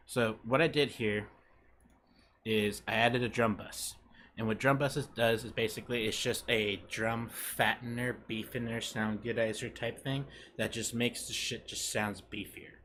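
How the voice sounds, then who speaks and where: A young man hosting a casual music production tutorial, swearing freely and counting beats out loud. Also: medium pitch, fairly even intonation, a little slow. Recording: music playing underneath. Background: music playing.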